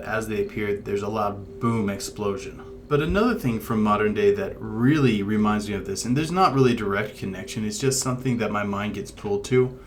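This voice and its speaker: A man co-hosting a paranormal discussion show, explaining things in a measured, thoughtful way. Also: lowish voice, a little hiss or hum. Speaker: paranormal podcast co-host. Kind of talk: casual discussion.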